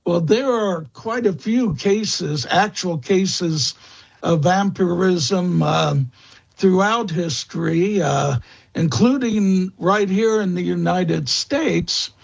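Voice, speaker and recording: Man, guest expert, unhurried, husky, halting with fillers, dull lo-fi recording. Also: sits high. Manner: slow, halting, many fillers and restarts. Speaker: guest expert on vampire lore. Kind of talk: interview answers.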